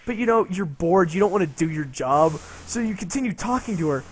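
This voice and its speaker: A man streaming a game tells a rambling story, swearing and laughing between lines. His voice sits high, with lively intonation and a brisk pace.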